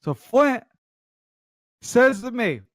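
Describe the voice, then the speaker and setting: A man's voice: very high voice, sing-song, drawn-out words, a bit bright, no room sound, clean studio sound. A man co-hosting a casual gaming podcast, telling stories with a lot of swearing and mocking voices, sounding sick. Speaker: podcast co-host.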